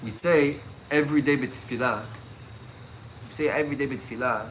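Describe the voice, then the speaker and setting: A man teaching a religious class as a rabbi, telling stories in an animated way and mixing in Hebrew terms. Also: a little high, a little fast, slight background noise. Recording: echoey room.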